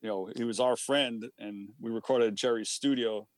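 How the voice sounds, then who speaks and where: A man with a New York accent, a band's singer, chatting as a guest in an interview and telling stories with quick asides and laughs. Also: medium pitch, dry recording. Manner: animated storyteller, quick asides, frequent laughs. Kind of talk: casual interview chat.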